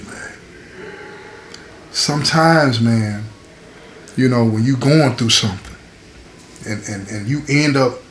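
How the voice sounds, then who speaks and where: A man hosting his own show, telling a story in a casual, conversational way, often checking in with "right?". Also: mid-range voice. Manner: conversational, frequent "right?" and "you know what I'm saying". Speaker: host. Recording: echoey room with faint ambient noise.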